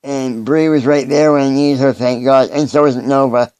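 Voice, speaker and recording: In a personal video message, a sincere man talks haltingly, often restarting his thoughts. His middle-pitched voice is smooth, clear, steady and somewhat dark, recorded close and dry with no room sound.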